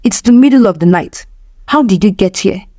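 A woman's voice: mid-range voice, expressive, normal speed, warm tone, dry recording, studio quality, lightly acted. Woman voicing a snappy schoolgirl bully. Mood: irritated. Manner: snappy and irritated. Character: irritable teenage schoolgirl bully.

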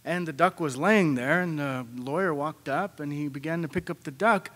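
High-voiced male storyteller in a hall. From Pacific Northwest, United States. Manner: unhurried, animated retelling with voiced quotes. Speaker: storyteller at a library event. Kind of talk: oral storytelling to a live audience. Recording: long hall reverb.

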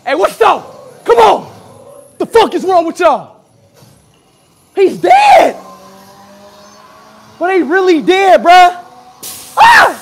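A man's voice: very high-pitched, expressive, measured pace, a little hiss or hum. A young man streaming a haunted house walk, panicky, swearing and yelping in fright.

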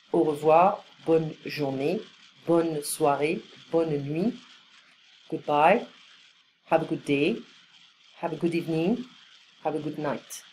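A woman teaching an online language lesson, explaining and repeating phrases slowly for learners. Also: lowish voice, a little mellow, a little hiss or hum, poor audio.

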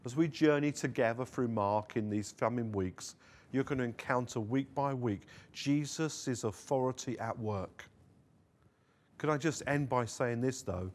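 A man's voice: medium pitch, a little mellow. A man preaching a sermon at a church service, earnest, with rising emphasis on key lines. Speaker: pastor. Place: church service streamed online.

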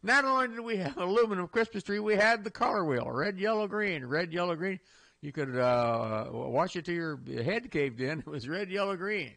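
A man's voice: high-pitched, animated, normal speed, a bit bright. An older man hosting a radio talk show, talking in a folksy, rambling way with many restarts and chuckles. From Iowa. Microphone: studio microphone.

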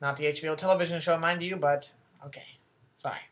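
In a comedy sketch, a man plays a bumbling, self-important news anchor who is flustered, rambles, corrects himself and talks back to someone off-camera. His natural voice sits on the high side and sounds a bit bright, with a steady tone and a quick pace.

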